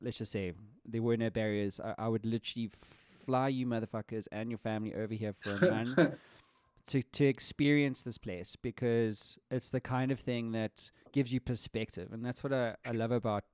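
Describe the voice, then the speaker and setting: A man's voice: medium pitch, fairly even intonation, moderate pace, few pauses, darkish tone, clean tone, no echo, studio quality. A man hosting a casual podcast chat with friends, talking reflectively with restarts. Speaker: podcast host.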